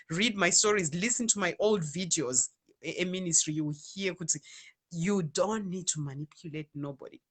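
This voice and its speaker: Switching back and forth between Shona and English, a Zimbabwean woman with a Zimbabwean accent talks casually and animatedly to her viewers. She works as an online radio DJ and ministry speaker, and her voice is lowish and a bit bright.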